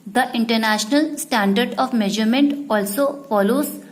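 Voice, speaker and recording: A woman teacher, explaining a lesson to students slowly and repeating each point. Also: fairly high pitch, rough recording. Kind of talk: slow classroom explanation.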